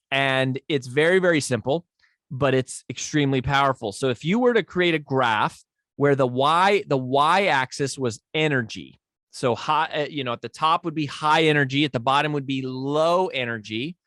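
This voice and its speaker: A man's voice: mid-range voice, normal speed, fairly bright tone, no echo, clean studio sound. A male podcast host explaining a speaking technique in a conversational teaching manner, often checking in with his listeners.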